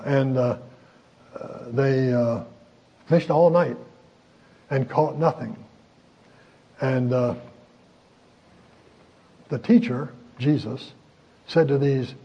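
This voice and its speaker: A man preaching a sermon in a folksy, chuckling way, with many pauses and fillers. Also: on the high side, slightly rough, highs cut off.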